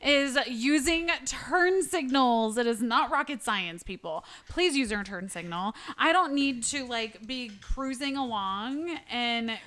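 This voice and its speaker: A woman's voice: on the high side, lively intonation, takes it slowly, hardly any pauses, fairly bright tone. A woman co-hosting a casual podcast chat, laughing often and exclaiming as she talks. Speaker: podcast co-host.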